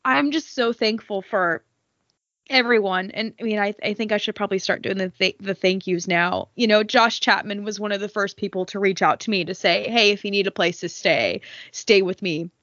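A woman's voice: mid-range voice, fairly even intonation, fairly quick, hardly any pauses, fairly bright tone, no room sound, highs cut off. A woman co-hosting a podcast in casual chat, emotional and rambling, with lots of fillers and swearing. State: tearful. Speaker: podcast co-host.

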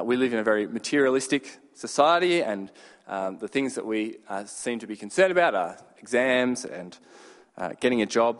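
A man preaching a sermon, telling a story with dramatic pauses and sudden shouted bursts. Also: mid-range voice. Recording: long hall reverb.

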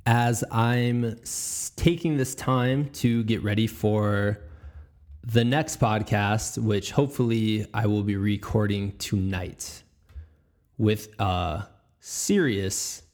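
Slow, rambling male podcast host. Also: on the low side, fairly even intonation, a little mellow. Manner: rambling, laughs easily, trips over words. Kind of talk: casual podcast chat.

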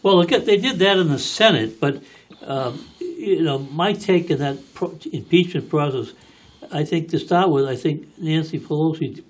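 A man in casual political discussion, measured and hesitant, with fillers. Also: on the high side, rough recording.

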